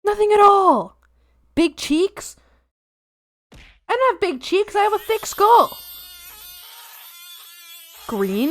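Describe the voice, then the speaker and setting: A woman streamer chatting casually while she draws, playful and excitable, breaking into silly bits and bursts of shouting. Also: sits high, slow, long pauses. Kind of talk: casual livestream chat while drawing.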